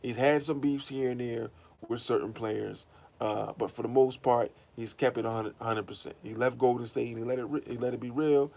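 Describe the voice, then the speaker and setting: A man delivering a blunt, profane commentary monologue in a casual, animated way. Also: mid-range voice, moderate pace, creaky. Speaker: host.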